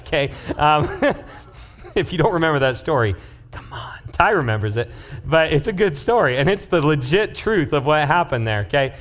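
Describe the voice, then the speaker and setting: A young man giving a casual youth sermon as youth pastor. He jokes and keeps checking in with his listeners as he tells stories. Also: medium pitch. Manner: joking, conversational, checks in with the audience; lively storyteller.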